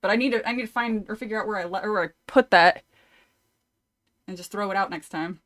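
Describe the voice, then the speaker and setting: A woman's voice: mid-range voice, brisk, a bit bright. A woman streamer reading a horror novel aloud, often breaking off to chat, laugh and swear casually. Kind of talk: casual read-through with chat.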